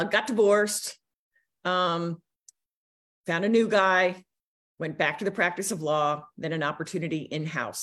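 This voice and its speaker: A woman in her forties, a guest on a livestream, telling her life story in a lively, animated way. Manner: lively storyteller, swings pitch a lot. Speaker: guest, business coach.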